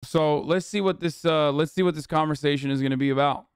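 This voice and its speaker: A man's voice: fairly high pitch, quick pace, smooth, no echo, clean studio sound. A man in his thirties streaming live, reacting with casual, profane commentary full of filler words.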